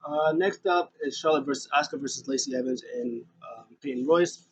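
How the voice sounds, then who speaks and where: A man casually recapping a wrestling show, rambling with lots of fillers and quick voiced asides. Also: fairly high pitch, breathy edge, muffled recording.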